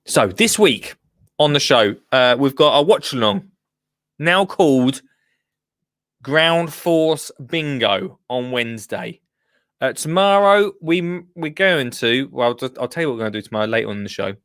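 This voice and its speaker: Host, male: animated, playful call-in show chatter, dry close sound. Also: mid-range voice, unhurried, smooth, no room sound. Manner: chatty, jokey, greets viewers by name. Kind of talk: live call-in show hosting.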